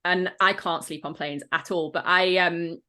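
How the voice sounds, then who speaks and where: A woman's voice: lowish voice, steady tone, normal speed, sharp tone. A woman from northern England, a podcast host, telling a chatty anecdote with self-mocking laughs. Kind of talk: casual chat.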